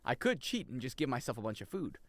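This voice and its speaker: A man's voice: mid-range voice, fast, dry recording. A man streaming a video game, chatting with viewers and joking as he plays. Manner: excitable, jokey, reacts loudly and reads chat aloud. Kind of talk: live gaming commentary.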